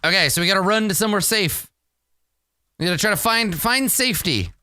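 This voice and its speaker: Excitable, bright-voiced man playing solo. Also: high-pitched, brisk, no room sound, clean studio sound. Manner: rambling, swears freely, excitable reactions to dice. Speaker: solo tabletop game player. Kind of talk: thinking aloud while playing a solo roleplaying game.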